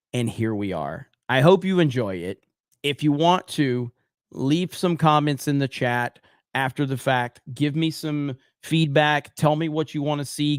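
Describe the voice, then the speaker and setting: A man hosts his own livestream and chats casually as he signs off, reading viewer comments aloud and laughing often. His voice is medium in pitch, and the recording is clean studio sound with no echo.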